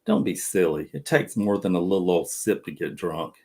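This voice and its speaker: A man reading the first-person lines of a cocky, defiant young Southern girl in his own low voice. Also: animated, normal speed, warm tone, slightly rough, heavily acted. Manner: cocky, teasing.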